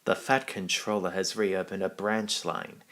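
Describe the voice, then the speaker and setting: A man's voice: low voice, flat delivery, measured pace, fairly bright tone. A man reading a children's railway storybook aloud, giving the characters their own voices.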